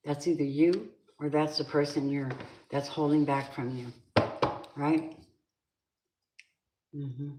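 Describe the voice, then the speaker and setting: Low-voiced woman reading tarot, echoey room. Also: steady tone, takes it slowly, pauses often, dark tone. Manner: blunt, swearing, flares up into angry venting. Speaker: tarot reader. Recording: echoey room with faint noise.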